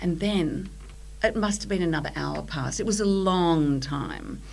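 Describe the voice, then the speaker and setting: Australian woman telling a story, low voice. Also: measured pace, vocal fry, low-quality recording. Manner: animated storyteller who acts out quotes. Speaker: podcast guest. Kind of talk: storytelling in casual chat.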